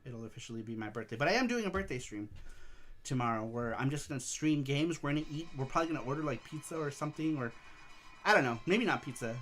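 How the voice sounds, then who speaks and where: A man's voice: medium pitch, expressive, fast, a bit bright. A man hosting a casual livestream, rambling about games and reading viewer messages aloud. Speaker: show host and streamer.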